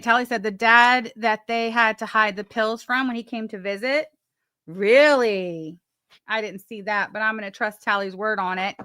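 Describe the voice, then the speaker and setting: A woman's voice: a little high, pushed and bright. A woman hosting a casual live stream, chatting, reading messages aloud with mock drama and swearing freely.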